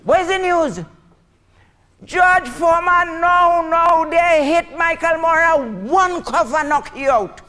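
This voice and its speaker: A man playing a loud, excited drunk villager with a Trinidadian accent, shouting his news in a high, drawn-out voice. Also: exaggerated voice.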